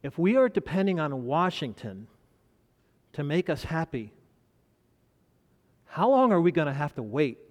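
A man preaching a sermon, measured, with dramatic pauses and rising emphasis. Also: on the high side, big pitch swings. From United States. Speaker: pastor. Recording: long reverb of a large hall.

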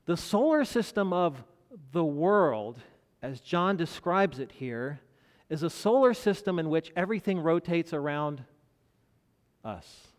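An American pastor with a fairly high, sing-song voice preaches at an unhurried, deliberate pace. He builds rising emphasis on key phrases and lets dramatic pauses hang. The long reverb of a large hall carries his voice.

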